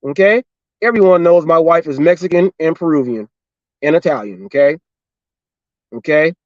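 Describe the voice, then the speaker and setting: A man's voice: on the high side, moderate pace, dry recording, highs cut off. A middle-aged man from Southern California, a delivery driver and show host, telling a story in a casual monologue and acting out the dialogue with lots of repetition. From Los Angeles and Orange County, California. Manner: animated, repetitive retelling with quoted dialogue.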